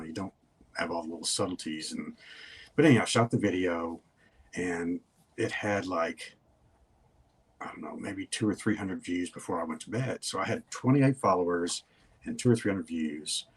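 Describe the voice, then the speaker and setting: A man's voice: deep voice, normal speed, husky. An older man, a guest in a casual interview, telling stories in a folksy, rambling way.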